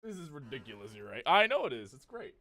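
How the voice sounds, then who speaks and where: A man's voice: on the high side, sing-song, quick pace, bright, forceful tone. A goofy young man streaming a game, chatting casually and laughing often. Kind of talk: casual gameplay commentary.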